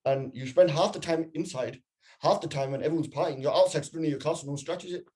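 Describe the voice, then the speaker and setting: A young man chatting casually on a podcast, telling stories in an animated way and swearing freely. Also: on the high side, fast. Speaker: podcast co-host. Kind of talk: casual chat.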